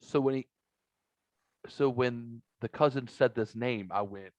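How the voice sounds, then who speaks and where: A man co-hosting a casual podcast, telling animated stories, acting out other people's voices and swearing freely. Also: mid-range voice, a little slow, long pauses, no room sound. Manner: animated storyteller, acts out quoted voices, swears. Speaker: podcast co-host. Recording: dull, dry lo-fi recording.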